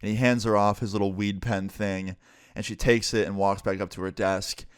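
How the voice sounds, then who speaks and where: Young guy telling a story time vlog, low voice, casual and sweary, dry close sound. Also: flat delivery, normal speed, clean tone, no room sound. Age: young adult.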